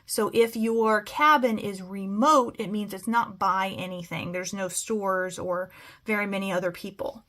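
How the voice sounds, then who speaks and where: A woman's voice: mid-range voice, steady tone, fairly bright tone. A woman teaching a phonics lesson to children, stretching out words as she models them. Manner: slow, stretched-out word modeling.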